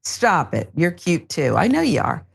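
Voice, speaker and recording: Host spot: woman with a low voice, casual and playful, reads viewer comments between laughs. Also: wildly swooping pitch, moderate pace, gravelly, slightly rough. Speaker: show host. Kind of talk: casual live-stream chat.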